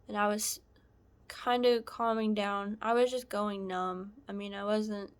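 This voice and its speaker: A woman recounting a painful personal story in a halting, soft-spoken way, sometimes dropping to a whisper. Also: medium pitch, flat delivery, clean tone. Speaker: vlogger sharing a personal story. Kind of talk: emotional personal testimony.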